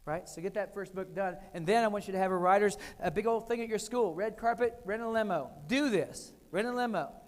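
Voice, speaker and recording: A man's voice: high-pitched, a little fast, few pauses. An older American man giving a keynote talk, telling funny personal stories in short, punchy phrases. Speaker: keynote speaker. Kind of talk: humorous keynote storytelling. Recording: echoey hall.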